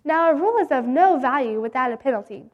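A woman voicing a gentle but firm male schoolteacher in a read-aloud story. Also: high voice, lively intonation, quick pace, muffled recording.

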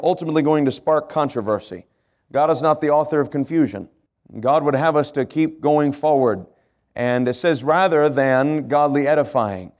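A man preaching a sermon, asking his congregation questions, spelling out key words and slowing down to stress them. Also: on the high side, darkish tone. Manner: slows to stress key phrases, rises in passion. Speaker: pastor. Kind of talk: sermon with fill-in handout.

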